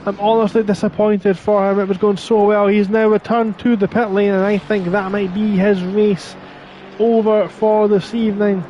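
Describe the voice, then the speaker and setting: A man with a fairly high voice calls a sim race live. He is chatty and breaks off to answer viewer chat between the action. A faint noise sits under the recording. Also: flat delivery, normal speed, dark tone, highs cut off. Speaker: sim racing commentator.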